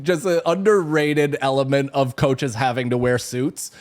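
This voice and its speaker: A man's voice: medium pitch, steady tone, normal speed, darkish tone. A man co-hosting a podcast in casual chat, laughing as he tells his stories. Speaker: podcast co-host.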